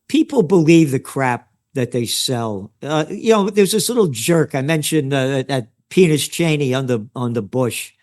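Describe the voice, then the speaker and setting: An older man from the Bronx with a New York accent, a trend forecaster ranting sarcastically and crudely as an interview guest. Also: on the high side. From New York City (the Bronx). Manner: sarcastic, crude, mocking asides. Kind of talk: heated interview rant.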